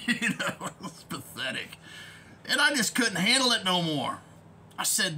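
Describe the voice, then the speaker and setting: A man's voice: extremely high pitch, sing-song, a little slow, pauses often, bright, forceful tone, a little hiss or hum. A man ranting in a vlog as an online commentator, profane, rambling and heated.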